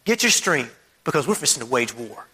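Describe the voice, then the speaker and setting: A man voicing God as a relaxed, reassuring figure in a calm, unhurried manner. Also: medium pitch, voice pushed down, heavily acted.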